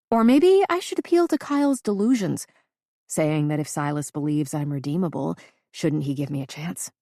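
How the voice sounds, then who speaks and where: A woman narrating a first-person audiobook in a measured, even reading. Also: fairly low pitch, dry recording, studio quality.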